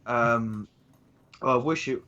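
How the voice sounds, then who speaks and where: Man, mid pitch, meandering chat, muffled lo-fi recording. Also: drawn-out words, sharp tone. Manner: rambling, searches for words. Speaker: stream co-host. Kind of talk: casual chat.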